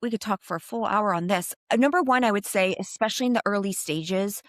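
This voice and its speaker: A woman geropsychologist answering interview questions in a thoughtful, animated way, with frequent fillers. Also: medium pitch, quick pace, no room sound, clean studio sound. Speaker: geropsychologist guest.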